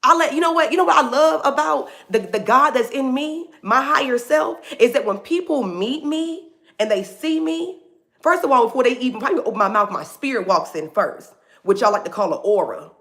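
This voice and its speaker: A woman's voice: high-pitched, animated, brisk, a bit bright. A woman hosting a faith talk livestream, preaching casually and animatedly, calling her listeners "baby".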